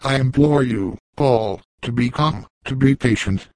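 A man's voice: medium pitch, measured pace, darkish tone, dry recording, close to an everyday voice. A man reading the part of an anxious young woman in a storybook, imploring. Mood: pleading.

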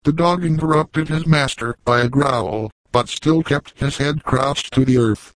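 A man giving an even, formal audiobook narration of a classic novel. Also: medium pitch, unhurried, dry recording, poor audio.

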